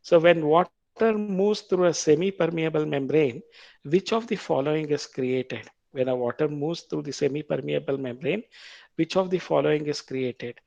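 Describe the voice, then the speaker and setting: A man with an Indian English accent lecturing on biology, reading quiz questions aloud, repeating them slowly and explaining the answers patiently. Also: a little high, gravelly, darkish tone, no echo, lo-fi sound. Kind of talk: quiz-style classroom lecture.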